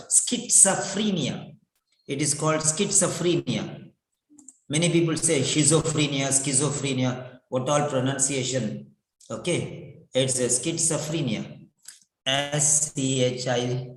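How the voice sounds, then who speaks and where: A man teaching a writing lesson slowly, repeating words and spelling them out letter by letter. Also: mid-range voice. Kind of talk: online exam-prep lesson. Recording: echoey room.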